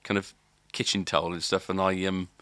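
Bright-voiced man rambling through a story. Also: deep voice, flat delivery, brisk, no room sound. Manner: rambling, lots of filler and restarts. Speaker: podcast co-host. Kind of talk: casual storytelling.

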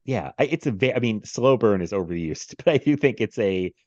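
A man's voice: on the low side, lively intonation, fairly quick, darkish tone, no echo, dull audio. A man hosting a podcast, chatting casually about movies, rambling with many fillers and frequent laughs. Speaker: podcast host.

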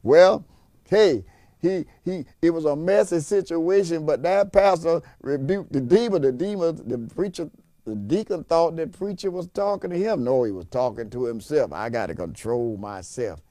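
A man's voice: on the high side, animated, moderate pace, dark tone, no echo, clean studio sound. A man preaching a sermon with emphasis, repeating points and asking rhetorical questions.

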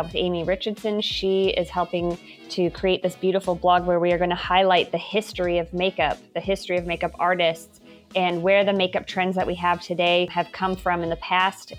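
A woman promoting an online makeup course, speaking in an emphatic, salesy manner. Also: lowish voice. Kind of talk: promotional pitch.

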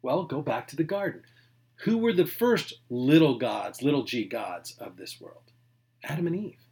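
A man's voice: medium pitch, big pitch swings, moderate pace, vocal fry. A man, a pastor, preaching a sermon in a conversational way, stressing key words and dropping to near-whispered asides. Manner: emphatic, swinging from loud to near-whispered asides; conversational, with restarts and small laughs.

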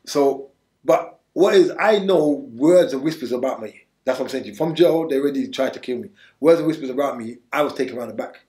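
Fast-talking man in an echoey room. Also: medium pitch, darkish tone. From England. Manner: streetwise slang, urgent and repetitive. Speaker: interview guest. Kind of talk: candid storytelling.

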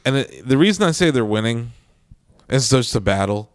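A man's voice: mid-range voice, animated, moderate pace. A man co-hosting a casual chat, explaining his views in an earnest, talkative way. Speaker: podcast co-host.

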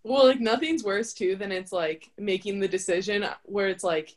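Female guest, emphatic and quick to laugh, medium voice, casual banter. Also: mid-range voice. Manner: emphatic, laughs often, acts out her own thoughts. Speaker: volleyball player, podcast guest. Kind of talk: casual chat.

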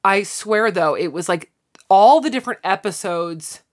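This woman co-hosts a podcast and chats casually at a medium pitch and normal speed. She sounds animated as she retells scenes, voicing the characters' lines as quotes.

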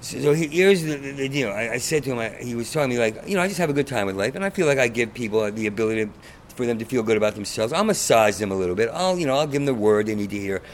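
A man's voice: medium pitch, lively intonation, very fast, slight background noise. A man, a comedian, talking in casual conversation with a stutter, blunt and profane and rambling. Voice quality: stutter, repeats sounds. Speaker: stand-up comedian, guest.

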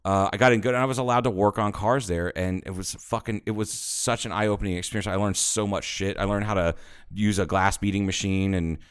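A man co-hosting a podcast, telling stories in casual chat, animated and swearing freely. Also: lowish voice, a little fast, clear, resonant tone. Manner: animated storyteller, swears a lot, acts out quotes. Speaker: podcast co-host.

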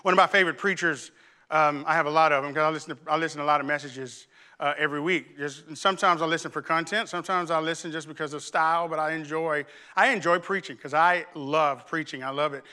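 A male pastor preaching in a playful, comic storytelling way. His voice sits high and sounds very bright and cutting, breaking into loud bursts. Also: steady tone, fast talker, smooth. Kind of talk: comic sermon.

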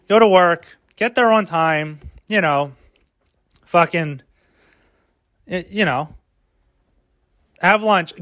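A man with a notably high voice holds forth on his own podcast. He rambles, swears freely and keeps asking his listeners rhetorical questions in a loose, ranting style. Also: pushed and bright. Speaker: podcast host. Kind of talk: rambling solo podcast rant.

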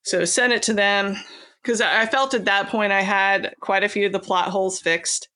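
A woman's voice: medium pitch, steady tone, normal speed, bright, forceful tone. A woman from California, an author and podcast guest, chatting casually and laughing often, with many fillers and restarts. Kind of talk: casual interview chat.

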